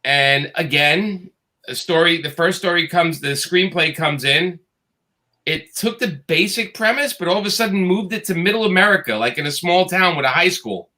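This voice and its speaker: A man's voice: high-pitched, moderate pace. A middle-aged man, a guest comics creator, telling a casual story and acting out the dialogue in it. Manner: animated, acts out quoted dialogue.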